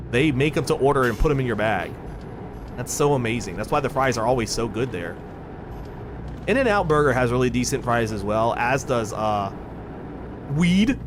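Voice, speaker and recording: A man's voice: medium pitch, noisy background. A man chatting casually on a live stream while playing a game, rambling, thinking aloud and swearing freely. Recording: clear music playing behind.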